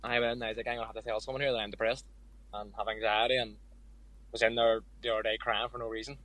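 Fast-talking young Irish man. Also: on the low side, flat delivery, fairly bright tone, dry recording, poor audio. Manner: candid, storytelling with quoted asides. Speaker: guest boxer. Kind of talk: casual podcast interview.

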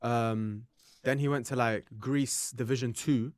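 A man's voice: mid-range voice, steady tone, a little slow, no echo, studio quality. A young man, co-hosting a casual podcast, rambling loosely and swearing freely. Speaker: podcast co-host. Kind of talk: casual banter.

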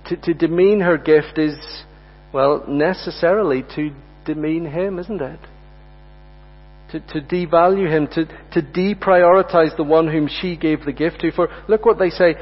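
A man delivers an earnest sermon from a lectern, repeating words as he drives his points home. His voice sits a little high for a man. The recording is dull and lo-fi, with a long reverb from the hall. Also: moderate pace. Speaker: preacher. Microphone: lectern mic.

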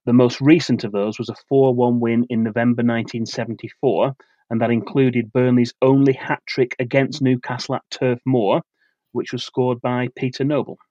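A man co-hosts a football podcast and reads a prepared preview in a steady, measured way. His voice is mid-pitched for a man. The recording is dry and a little dull, with a slightly lo-fi sound. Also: no room sound. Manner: steady, measured delivery of facts and dates. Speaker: podcast co-host presenting match previews. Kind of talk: reading a prepared match preview.

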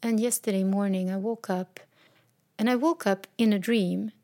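A woman in her fifties giving a slow, reflective personal talk, speaking openly and emotionally. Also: medium pitch, fairly even intonation, mellow.

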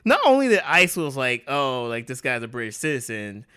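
Bright, clear-voiced man chatting on a podcast. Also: medium pitch, wildly swooping pitch, fairly quick. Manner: rambling, many fillers and restarts. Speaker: podcast co-host. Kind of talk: casual podcast chat.

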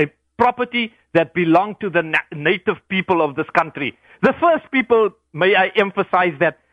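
Male radio caller, high voice, passionate and rambling, muffled dry phone sound. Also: no room sound. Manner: impassioned, rambling political argument. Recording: dull dry phone-in audio.

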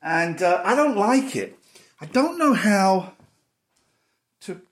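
A man's voice: sits high, very animated, slow. A man in his forties chatting candidly while he packs at home, stopping to talk to his dog. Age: 40s. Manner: rambling, candid, talks to his dog between thoughts. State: out of breath from stairs. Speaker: vlogger. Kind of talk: casual chat while packing. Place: home, indoors.

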